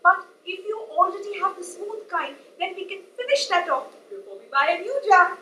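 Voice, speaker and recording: Woman playing a loud bossy eccentric nanny. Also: extremely high pitch, animated, fairly quick, slight background noise, full character voice. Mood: chatty. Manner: theatrical, swings from cooing to shouting. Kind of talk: live stage comedy acting. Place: community hall stage. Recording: echoey hall from a stage.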